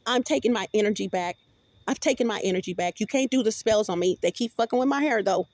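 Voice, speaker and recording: A woman's voice: mid-range voice, quick pace, a little mellow, no room sound. A woman vlogger in a rambling, profane monologue with many restarts, recorded on a phone.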